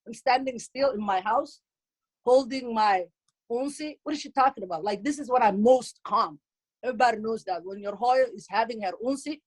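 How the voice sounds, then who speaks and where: A middle-aged woman from Somalia with a Somali accent and Somali as her first language, telling comic stories in an animated, teasing way and exclaiming often. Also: on the high side, normal speed. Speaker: comedic speaker at a community event. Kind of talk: comic storytelling.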